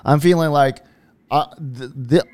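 Man, slightly high voice, animated storyteller, casual chat. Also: a little slow. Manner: animated storyteller, swearing, acting out his own quotes. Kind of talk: casual conversation.

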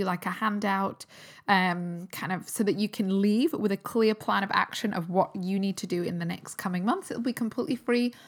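A British woman, a holistic nutritionist, hosting her own podcast in a chatty, upbeat way, her voice still a little croaky from a recent cold. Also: mid-range voice. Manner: chatty and upbeat, with frequent fillers and restarts. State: slightly croaky voice recovering from a cold. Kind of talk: casual solo podcast talk.

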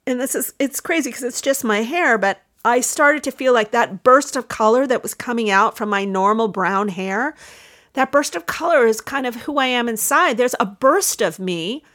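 A woman's voice: fairly high pitch, lively intonation, moderate pace, fairly bright tone. A middle-aged woman hosting a podcast, talking in a chatty, rambling, self-deprecating way with frequent restarts. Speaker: podcast host. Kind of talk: casual monologue.

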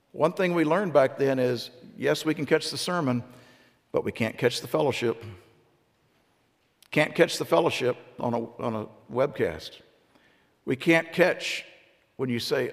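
Man, middle-aged pastor, sermon, rhetorical questions, gravelly voice, long hall reverb. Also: mid-range voice, unhurried, long pauses. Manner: asks the congregation many rhetorical questions.

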